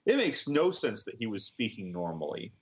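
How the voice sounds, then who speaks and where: A man's voice: fairly low pitch, huge pitch swings, normal speed. A man co-hosting a podcast in casual chat, rambling and hesitant, laughing at his own riffs. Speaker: podcast co-host.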